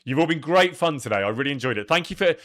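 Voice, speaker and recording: A man's voice: on the high side, lively intonation, very fast, fairly bright tone. Chatty man streaming a game. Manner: chatty, laughs easily, rambling asides. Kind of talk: casual live-stream chat.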